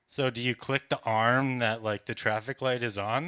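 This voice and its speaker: Bright, clear-voiced man ranting on stage. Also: mid-range voice, steady tone, normal speed, hardly any pauses. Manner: exasperated ranting, profane. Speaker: stand-up comedian. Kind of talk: stand-up set. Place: comedy club stage.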